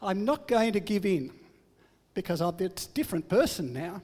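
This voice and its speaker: A man's voice: high voice, very animated, normal speed, darkish tone, slightly rough, big-room sound. Older man preaching with humor. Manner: humorous, self-deprecating storytelling. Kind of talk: sermon.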